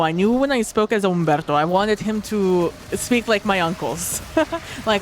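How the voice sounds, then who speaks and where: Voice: medium pitch, a little slow, a little hiss or hum. A tabletop role-play player reflecting casually on a livestream, rambling with many fillers and frequent laughter.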